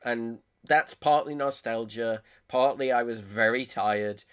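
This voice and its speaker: A man's voice: medium pitch, normal speed, a bit bright. A man hosting a casual reaction video, gushing about game trailers, swearing often and restarting his sentences.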